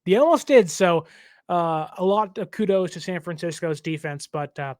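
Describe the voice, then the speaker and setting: Give me an animated man casually breaking down a football game, recorded dry and close. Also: high-pitched, moderate pace, no echo. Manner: animated, jokey, lots of fillers. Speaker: team podcast host.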